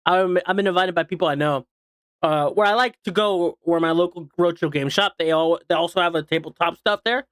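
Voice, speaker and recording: Guy streamer just yapping, kinda high smooth voice, dry close sound, lots of uh and um. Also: a little fast, a bit bright, no room sound. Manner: rambling, hesitant, many fillers and restarts. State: hiccuping. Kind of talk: casual chat while eating and drawing.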